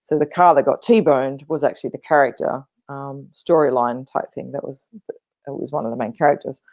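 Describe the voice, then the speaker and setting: A woman's voice: a bass voice, expressive, moderate pace, gravelly, darkish tone, no room sound. A woman co-hosting a podcast, telling stories in a rambling, casual way with many fillers. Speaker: podcast co-host. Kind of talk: casual spiritual chat.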